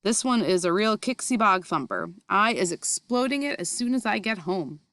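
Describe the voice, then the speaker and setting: A woman voicing a big, gentle, excitable male giant who talks in jumbled, ungrammatical words, in a storybook reading. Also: mid-range voice, moderate pace, dry recording, studio quality. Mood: distressed.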